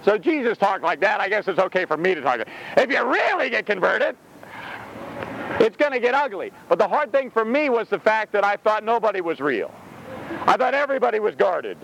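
A man's voice: high voice, creaky, a bit bright, a little hiss or hum, rough recording. A man preaching an intense, exclaiming sermon, laughing now and then between points. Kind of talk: fiery sermon.

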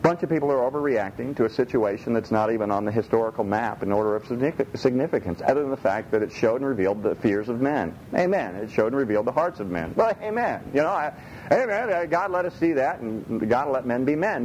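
A man preaching a sermon in a folksy, animated way, repeating his phrases for emphasis. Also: mid-range voice, fast talker, a little hiss or hum, low-quality recording. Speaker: pastor.

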